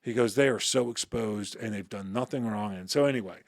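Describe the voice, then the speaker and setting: A man's voice: lowish voice, fairly quick, gravelly, no room sound, studio quality. A middle-aged man telling a story in an interview, acting out the dialogue and cussing casually. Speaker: interview guest.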